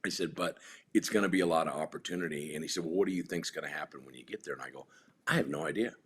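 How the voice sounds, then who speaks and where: Very deep-voiced man spinning road stories. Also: rapid-fire, husky. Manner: rambling, animated anecdotes with many restarts. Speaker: podcast guest. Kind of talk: casual storytelling chat.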